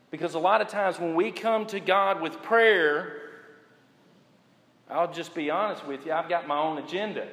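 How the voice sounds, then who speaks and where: A man preaching a sermon as pastor, building to emphatic, drawn-out repeated phrases and dropping low for quiet asides. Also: long reverb tail.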